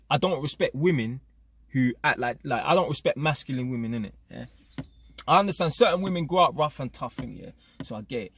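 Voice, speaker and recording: A young man hosts his own channel and rants to camera. His voice sits a little high, and the sound is close and dry with no room around it. He talks in street slang and keeps tacking tag questions onto his sentences. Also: dry recording. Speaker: channel host. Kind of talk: casual opinion rant to camera.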